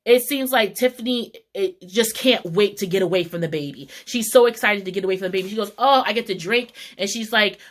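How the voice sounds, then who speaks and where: A woman's voice: mid-range voice, fairly quick, few pauses. A woman giving a casual, opinionated TV episode recap in heated, slangy talk. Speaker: TV recap vlogger.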